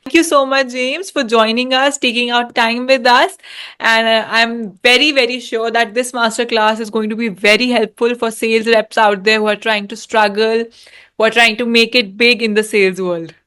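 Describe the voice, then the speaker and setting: Woman, interview host, polite, smooth clear voice, fairly high. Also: steady tone, moderate pace, sharp tone. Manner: polite, brief agreeing remarks. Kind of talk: casual interview chat.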